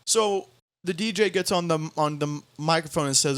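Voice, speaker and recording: Animated young man, halting retelling. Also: sits high, no room sound. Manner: animated, halting with many restarts, quoting others in bouncy voices. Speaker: podcast host. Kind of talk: casual storytelling chat.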